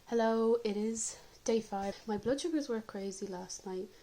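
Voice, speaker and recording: A woman's voice: on the high side, moderate pace, warm tone, a little hiss or hum, low-quality recording. Woman vlogger, candid and chatty, home video diary, the odd cough. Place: indoors at home.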